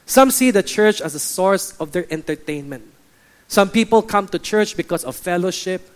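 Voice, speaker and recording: A man preaching to his church, acting out the voices of churchgoers with lively energy. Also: sits high, moderate pace. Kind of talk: sermon. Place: church hall.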